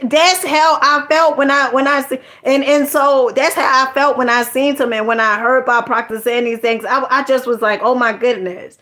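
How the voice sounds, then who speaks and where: Chatty woman, higher voice. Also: steady tone, moderate pace, hardly any pauses, fairly bright tone. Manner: chatty, repeats words, slangy. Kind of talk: casual storytelling monologue.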